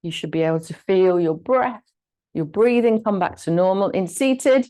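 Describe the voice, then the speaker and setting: A woman instructor guiding a gentle exercise class, giving encouraging cues and short counted commands. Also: medium pitch, normal speed, rough recording. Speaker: fitness instructor.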